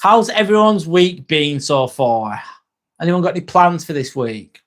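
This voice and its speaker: A man's voice: fairly high pitch, expressive, unhurried, a bit bright. Chatty English man with a raised voice. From England. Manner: chatty, greets viewers by name, swears casually. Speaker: live streamer. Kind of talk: casual livestream chat, answering viewer comments.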